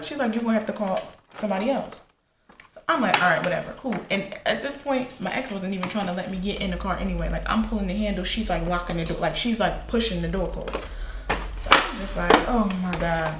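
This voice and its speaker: A woman tells a story straight to the camera as she gets ready, animated and quick to swear, jumping up in pitch when she acts out what others said. Her voice sits in a middle register and bounces off a roomy, echoey space. A faint hum runs underneath. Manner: animated, profane, retells quotes with rising pitch. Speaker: vlogger. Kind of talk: casual storytelling while getting ready. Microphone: camera in front. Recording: echoey room with faint ambience.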